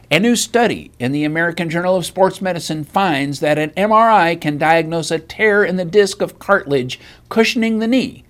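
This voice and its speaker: A man with a notably high voice reads a scripted news bulletin. His delivery is measured and even, the steady cadence of a newsreader working from a prepared script. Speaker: news reader.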